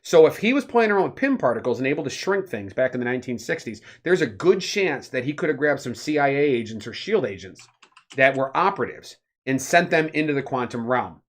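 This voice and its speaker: A man co-hosting a casual podcast, explaining at length in an animated, rambling way with many fillers. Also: medium pitch, brisk. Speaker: podcast co-host.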